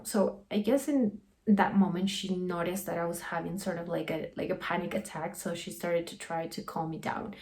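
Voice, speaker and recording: A woman's voice: fairly low pitch, vocal fry, a little mellow. A young adult woman telling a personal story in a casual, rambling way, full of "like" and "you know". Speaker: guest sharing a personal story.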